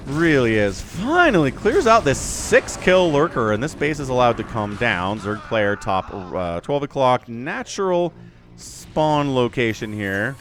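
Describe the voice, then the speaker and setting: A man's voice: mid-range voice, big pitch swings, measured pace, fairly bright tone, slight background noise. A man casting a strategy video game alone, play-by-play commentary full of joking asides. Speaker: esports shoutcaster. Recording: faint background music.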